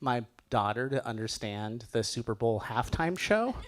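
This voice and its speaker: A middle-aged man from Los Angeles doing a lively stand-up comedy set at a benefit show. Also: medium pitch, normal speed. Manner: animated, loud comic impressions of relatives.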